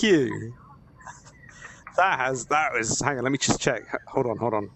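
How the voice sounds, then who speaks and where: An excitable man talks through a space game as he plays it, his words coming out breathless and overexcited. He swears and laughs freely between lines of live commentary. Faint noise sits behind his voice. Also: mid-range voice, unhurried, creaky, long pauses. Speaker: gamer playing a space game. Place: at home wearing a VR headset.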